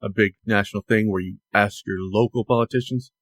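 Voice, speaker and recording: A man co-hosting a casual podcast, chatting and relaying news with halting restarts. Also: fairly low pitch, fairly even intonation, no room sound. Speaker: podcast co-host.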